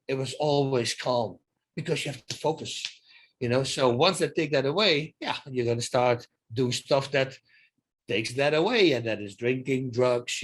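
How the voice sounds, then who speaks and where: A middle-aged man from the Netherlands, telling stories in a casual interview and acting out the dialogue, with many restarts. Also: mid-range voice. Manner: animated storyteller who acts out dialogue, many restarts. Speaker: guest.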